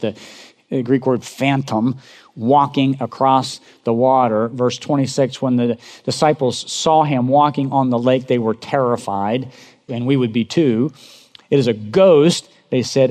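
Male pastor, dramatic sermon delivery, mid-pitched voice, long hall reverb. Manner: dramatic, swings from loud emphatic bursts to low quiet lines; asks the congregation rhetorical questions.

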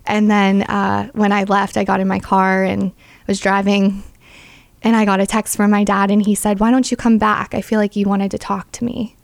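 Young adult woman, earnest testimony, gravelly edge, even pitch. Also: normal speed, no room sound. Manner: earnest, frequent "like" fillers. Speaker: interview guest. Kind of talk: personal faith testimony.

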